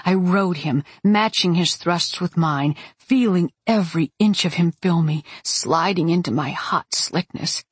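Low, husky woman narrating an audiobook. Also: measured pace, few pauses, no echo. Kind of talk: first-person audiobook narration.

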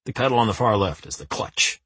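A man voicing a grumpy older man who teaches driving, gruff and clipped, speaking through his teeth. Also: lowish voice, animated, a little fast, a bit bright, no room sound. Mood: grunting.

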